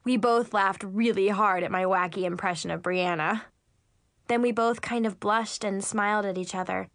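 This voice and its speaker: A woman reading a storybook aloud in the first person, chatty and expressive. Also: medium pitch, moderate pace, dry recording, clean studio sound. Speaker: audiobook narrator.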